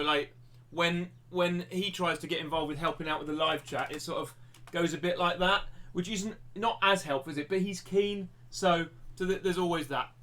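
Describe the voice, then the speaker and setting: A man's voice: a little high, sharp tone. A man teaching a live-streamed maths lesson, chatty and self-deprecating, thinking aloud with frequent restarts.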